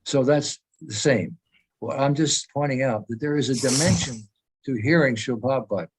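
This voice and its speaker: An older man joins a video call as a guest speaker, talking conversationally in a mid-range voice at a normal speed. He's earnest and emphatic but wanders between thoughts, restarting often. The audio is poor, with a little hiss or hum.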